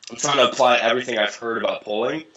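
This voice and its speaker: A young man with a bright, forceful voice, talking as an interview guest. He tells his stories casually and with energy, swearing freely and playing out the voices of the people in them. His pitch sits in the middle range. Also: rapid-fire, highs cut off. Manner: animated, profane, acts out quoted voices. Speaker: interview guest, dating coach. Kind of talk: casual storytelling.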